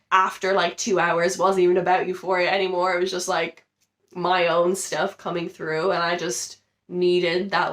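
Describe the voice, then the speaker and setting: A young woman in her twenties, sounding ill and under the weather, talking casually and emotionally to camera in a rambling vlog with many fillers. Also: fairly low pitch. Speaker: vlogger. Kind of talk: casual confessional chat to camera.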